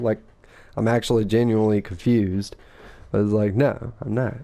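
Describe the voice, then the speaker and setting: A man's voice: fairly low pitch, little pitch movement, unhurried, gravelly, darkish tone. A man and father, co-hosting a casual gaming chat, rambling and profane, acting out the lines people said. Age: adult father. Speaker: gaming podcast co-host.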